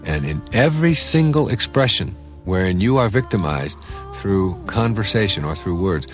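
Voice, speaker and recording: A man who is a spiritual teacher, giving a motivational lecture in a measured, emphatic way and repeating words for stress. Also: deep voice, expressive, soft background music.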